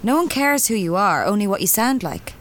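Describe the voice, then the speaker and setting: A woman's voice: medium pitch, sing-song, a little fast, a bit bright. An actress in her thirties playing a cold, mocking woman suspect with an English accent. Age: 30s. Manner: cool, mocking.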